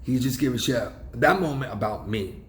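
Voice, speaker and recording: A man's voice: medium pitch, animated, moderate pace, reverberant, slight background noise. A man casually telling a story in a rambling, emphatic way, often restarting his sentences. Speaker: realtor vlogger.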